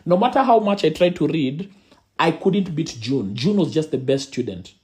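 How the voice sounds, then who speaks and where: A man's voice: on the high side, moderate pace. A man with a Kenyan accent telling a personal story to a crowd in a dramatic, repetitive, sermon-like way. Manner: animated, dramatic storyteller who repeats phrases for effect. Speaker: youth speaker. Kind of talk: storytelling sermon-style talk.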